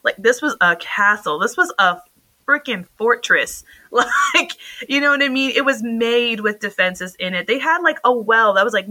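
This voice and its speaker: A woman in her thirties chats on a podcast with a bright, ringing voice. She tells stories with animated energy, her pitch jumping up as she laughs. The sound is dry and close. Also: dry recording, low-quality recording. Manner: animated, laughing storyteller with lively jumps in pitch. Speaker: podcast co-host. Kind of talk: casual chat.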